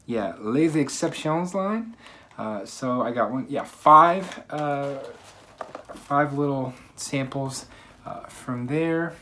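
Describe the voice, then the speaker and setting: A man's voice: mid-range voice, takes it slowly, bright, forceful tone, a little hiss or hum. Chatty man unboxing on camera at home. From United States. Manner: chatty, upbeat, many fillers. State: slightly out of breath. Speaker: fragrance reviewer. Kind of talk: casual unboxing vlog. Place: quiet room at home.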